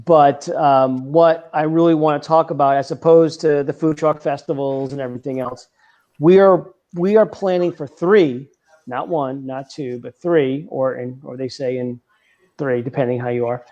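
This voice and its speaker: A man's voice: medium pitch, fairly even intonation, moderate pace, darkish tone, highs cut off. A man in his forties who talks in a chatty, rambling way with many fillers and restarts, speaking as a guest over a remote call on a live stream. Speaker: event organizer guest. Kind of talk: casual chat on a live stream.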